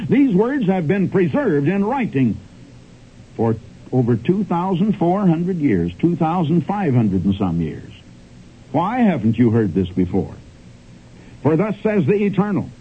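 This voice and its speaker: A man's voice: high voice, slightly rough. A man preaching an old radio sermon in an emphatic, swooping cadence, often calling out to his friends. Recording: tinny old radio broadcast.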